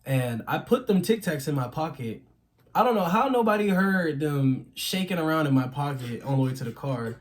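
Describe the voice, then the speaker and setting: A young man co-hosting a podcast, telling a childhood story in casual chat, animated and often laughing. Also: on the high side. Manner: animated, laughing, acts out quotes. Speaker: podcast co-host.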